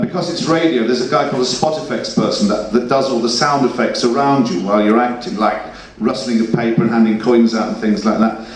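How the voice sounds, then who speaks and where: A man's voice: mid-range voice, far from the mic, slight background noise. A man on a convention panel telling a rambling, chuckling anecdote. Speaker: panel guest. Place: convention hall. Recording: echoey hall, mic heard from afar.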